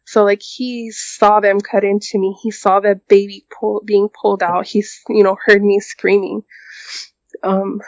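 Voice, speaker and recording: Subdued woman, halting, dull dry recording. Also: mid-range voice, flat delivery, no echo. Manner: halting, full of "like" and "um". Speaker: podcast guest. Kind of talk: emotional personal storytelling.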